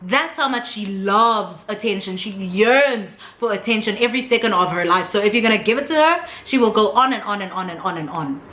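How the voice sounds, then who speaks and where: A woman's voice: mid-range voice, fairly quick, few pauses. Dramatic South African woman telling a story. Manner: animated, dramatic storytelling that mixes in Zulu. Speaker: vlogger. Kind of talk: storytime vlog. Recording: roomy with faint noise.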